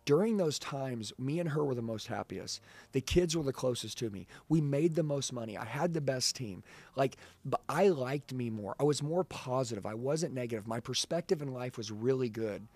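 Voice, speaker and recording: A man in his forties delivers a motivational talk with an intense, preachy drive, hammering his points through personal stories. His pitch sits in an ordinary middle range. The sound is dry and close, with no room around it. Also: expressive, moderate pace, darkish tone, dry recording. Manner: intense, preachy, emphatic storytelling. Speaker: sales trainer.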